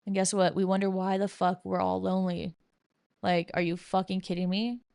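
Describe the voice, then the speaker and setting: A woman's voice: mid-range voice, level tone, normal speed, creaky, darkish tone, no room sound, studio quality. A young woman hosting a podcast, ranting casually and bluntly with lots of swearing and sarcasm while reading from bullet points. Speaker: podcast host.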